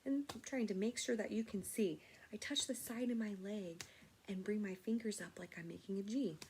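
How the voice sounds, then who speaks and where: A woman teaching a children's sign language lesson, speaking gently and patiently and explaining each step. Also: medium pitch, moderate pace, slight background noise.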